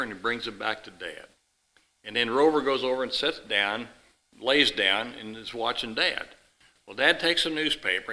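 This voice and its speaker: A man's voice: mid-range voice, bright, forceful tone, low-quality recording. A man preaching a sermon to a congregation, telling a folksy illustrative story in a rambling way with restarts.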